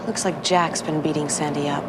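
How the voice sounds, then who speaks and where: A woman's voice: low voice, steady tone, moderate pace, heavy background noise, lightly acted. A woman playing an earnest, caring young woman. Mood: worried. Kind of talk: scripted TV drama acting.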